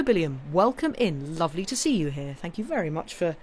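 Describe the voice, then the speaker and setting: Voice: medium pitch, very animated, moderate pace. Rambling, chatty British streamer. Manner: chatty, rambling, with frequent fillers and restarts. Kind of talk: casual live-stream chat.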